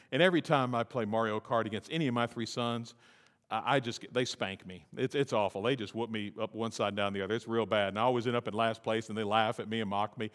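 A middle-aged male pastor preaching a sermon, rising to loud, emphatic peaks and dropping to slow, quiet lines. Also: big-room sound. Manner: climbs to high, emphatic peaks and drops to soft, slow lines.

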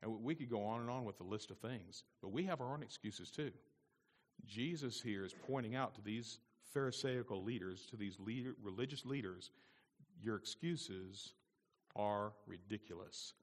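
A man's voice: mid-range voice, brisk. A male pastor preaching a sermon with emphatic repetition to his congregation. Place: church sanctuary. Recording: long reverb in a church hall.

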